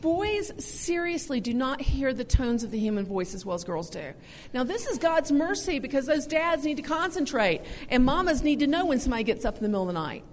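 A middle-aged woman with a high voice talks about raising children, earnest but playful. Her pitch moves a great deal. A long reverb and a faint hiss sit under her voice. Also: very animated, brisk. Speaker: co-host. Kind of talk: casual parenting talk.

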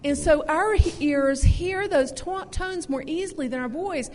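A woman's voice: sits high, a little slow, darkish tone, in a large hall, a little hiss or hum. A middle-aged woman co-hosting a casual parenting talk, explaining earnestly with playful asides. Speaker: co-host.

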